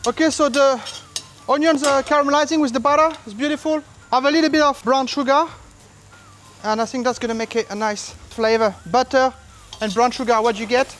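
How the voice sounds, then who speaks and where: A barbecue cook hosting a casual cooking demonstration, explaining each step in a relaxed way and breaking into silly asides and sing-song exclamations. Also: sits high, fairly quick, slight background noise. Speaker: barbecue cook and channel host. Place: outdoors at a large smoker.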